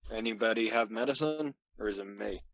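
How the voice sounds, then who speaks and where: A man's voice: on the low side, brisk, a bit bright, no room sound, low-quality recording. Male player, casual in-character talk, dry mic. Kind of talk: in-character tabletop play.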